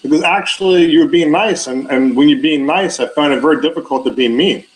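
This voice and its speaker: A man's voice: on the high side, a little fast, rough recording. A man hosting a talk show who sums up his guest's points and checks his understanding with "right?". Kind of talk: interview questions.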